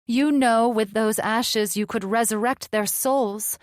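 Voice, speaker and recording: A woman's voice: on the high side, steady tone, takes it slowly, dry recording, studio quality, voice pushed up. Woman voicing a coy, sing-song djinn temptress. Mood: taunting. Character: seductive taunting female djinn.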